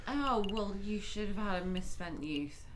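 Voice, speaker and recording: A woman's voice: mid-range voice, expressive, measured pace. A woman co-streaming a game, bantering with wry, crude jokes. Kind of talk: casual banter.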